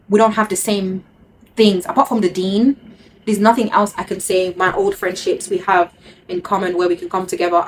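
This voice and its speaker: A woman's voice: medium pitch, slight background noise. Earnest woman telling a personal story. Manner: earnest, heartfelt, repeats words for emphasis. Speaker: vlogger.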